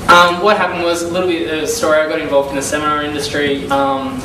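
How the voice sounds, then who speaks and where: A young man recounts his early business days in a casual, animated way, slipping into the voices of the people he talked to. He sounds set back from the mic in an echoey room, with steady noise behind him and a middling pitch. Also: quick pace, far from the mic. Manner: animated storyteller, acts out phone calls and quotes. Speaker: business consultant giving a testimonial. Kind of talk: casual storytelling testimonial.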